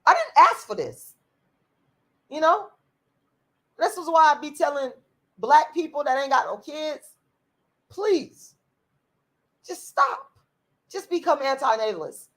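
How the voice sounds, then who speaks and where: A woman's voice: sits high, sing-song, normal speed, long pauses, a bit bright, rough recording. A woman hosting her channel, talking straight to viewers in a casual, emphatic commentary and repeating her points to drive them home. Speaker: channel host.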